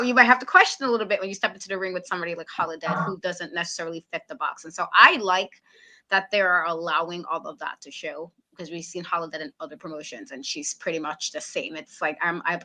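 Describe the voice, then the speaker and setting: Bright, animated woman chatting wrestling. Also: fairly low pitch, quick pace. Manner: animated, acts out her own reactions in quotes. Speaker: panelist. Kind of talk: casual chat.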